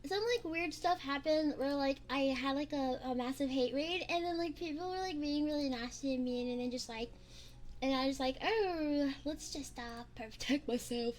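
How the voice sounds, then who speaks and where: A young woman streamer chatting casually on a binaural microphone, excitable, laughing and swearing as she pleads with her chat. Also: high voice, moderate pace. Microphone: binaural ASMR microphone.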